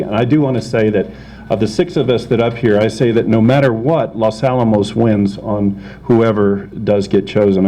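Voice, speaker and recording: A man's voice: fairly low pitch, dark tone, a little hiss or hum, poor audio. A man running for council, giving an informal closing statement in a joking manner. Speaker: council candidate.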